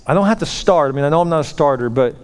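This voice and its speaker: A man's voice: fairly high pitch, lively intonation, clean tone, close to an everyday voice. A man doing a shy, pleading teenage boy. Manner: hesitant, halting pleas. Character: shy hopeful teenage boy football player. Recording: long echoey hall reverb.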